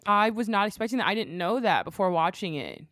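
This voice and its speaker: A woman's voice: mid-range voice, lively intonation, fairly quick, a bit bright, dry recording, clean studio sound. A woman host in casual chat, telling stories and giving firm opinions in a chatty way.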